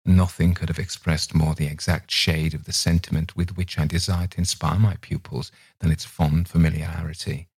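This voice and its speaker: A man narrating a literary audiobook in a measured, expressive reading. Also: deep voice, vocal fry, husky, no room sound.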